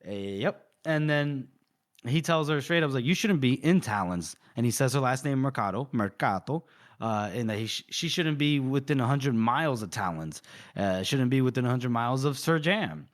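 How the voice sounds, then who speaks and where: A man co-hosting a podcast, casually retelling a novel's scenes with lots of fillers and quick quoted lines. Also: medium pitch, animated. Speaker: podcast co-host. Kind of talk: casual book-discussion chat, retelling scenes.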